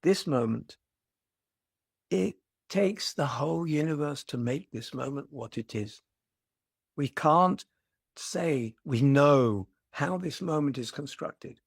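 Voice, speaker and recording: An older man, a meditation teacher, giving a reflective dharma talk with gentle humor and storytelling. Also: on the high side, expressive, slow pace, creaky, breathy edge, no echo, studio quality.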